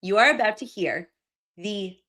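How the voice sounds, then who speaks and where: A woman hosts a home livestream with a sarcastic edge, laughing often as she picks apart what she is watching. Her voice sits at an ordinary middle pitch. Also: animated, unhurried, a bit bright. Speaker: livestream host. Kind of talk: casual commentary on trial footage.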